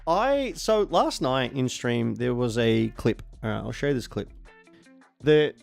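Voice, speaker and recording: A man in his forties with an Australian accent, chatting casually on a stream in a rambling way, sometimes bursting into excited shouting. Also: mid-range voice, unhurried, creaky, faint music behind. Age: 40s.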